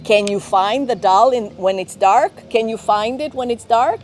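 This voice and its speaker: A woman doing a calm, kind older man. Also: fairly high pitch, slight background noise, close to an everyday voice. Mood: soothing. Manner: slow, soothing, gently reasoning. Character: kind older male family friend, calm.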